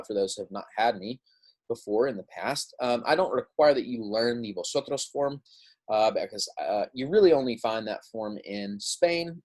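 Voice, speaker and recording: Husky-voiced man teaching a lesson. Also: fairly low pitch. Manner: patient, explains step by step, checks in with "right?" and "okay?". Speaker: Spanish teacher. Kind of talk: recorded classroom lecture.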